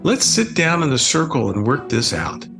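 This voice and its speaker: A wise storybook father, calm and patient, voiced by an older man reading aloud. His tone is instructive and steady, with a gravelly edge. Soft music plays beneath. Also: medium pitch, moderate pace.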